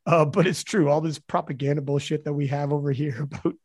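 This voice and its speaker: A man hosting a podcast in casual chat, telling stories in a profane, animated way. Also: a little high, fairly quick, slightly rough, dry recording, studio quality. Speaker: podcast host.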